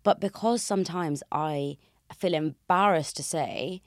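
A young British woman hosting a podcast, making her points in an emphatic, animated way. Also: low-pitched, measured pace, no room sound, clean studio sound. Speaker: podcast host. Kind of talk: casual conversation.

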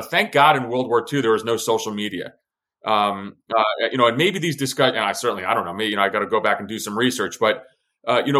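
A man's voice: mid-range voice, fairly bright tone. A man who used to be an intelligence officer, talking as a podcast guest. He speaks with force and conviction, stumbling over restarts and stacking fillers as his thoughts run ahead. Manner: emphatic, many restarts and fillers. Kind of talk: podcast conversation.

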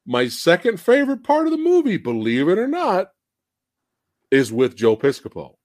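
A young man chatting on a home livestream about a movie, his voice lively and leaping around as he excitedly acts out scenes and laughs. He sits a bit high in pitch and sounds dry and close, with no room around him. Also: normal speed, dry recording. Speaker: host of a movie review stream. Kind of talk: casual livestream chat. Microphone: home streaming setup with camera.

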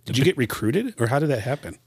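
A man's voice: medium pitch, very animated, quick pace, creaky, a little mellow, slightly rough, no room sound. A man hosting a studio podcast, prompting his guest with questions and banter in casual chat. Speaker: podcast host.

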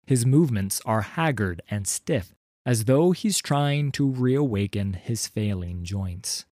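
A man narrating a fantasy story in a measured, atmospheric reading. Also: medium pitch, expressive, darkish tone, no room sound, studio quality.

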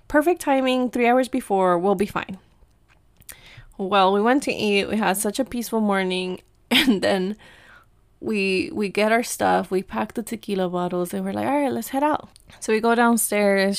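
A young woman from Mexico tells a travel story to the camera, chatty and animated, often acting out what she and others said. Her voice sits at a medium pitch. The sound is close and dry, with no room echo. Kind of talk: casual storytelling.

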